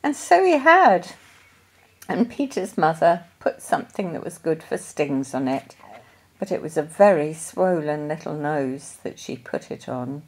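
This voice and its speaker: A woman reading a children's story aloud in a gentle, deliberate storytelling manner. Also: sits low, animated, slightly rough. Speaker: storybook reader.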